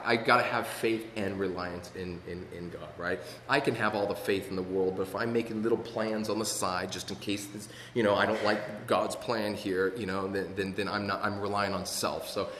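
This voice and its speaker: Earnest halting man in an echoey hall. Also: lowish voice, level tone, a bit bright. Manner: earnest, halting, many restarts and repeated words. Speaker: recovery speaker sharing his story. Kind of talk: personal testimony talk. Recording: echoey hall, faint room noise.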